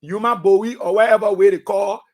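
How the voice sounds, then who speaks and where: High-voiced Liberian man on radio. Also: fairly even intonation, fairly quick. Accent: Liberian English. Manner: emphatic, repetitive, swings between soft asides and loud outbursts. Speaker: radio talk show host. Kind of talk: animated radio commentary.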